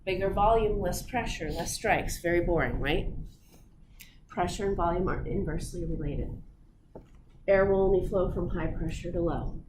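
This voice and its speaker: A middle-aged woman teaching physiology to a class, telling animated stories and acting them out. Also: lowish voice, moderate pace. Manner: animated, acts out her stories. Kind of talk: classroom lecture with storytelling. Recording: echoey room, audible room noise.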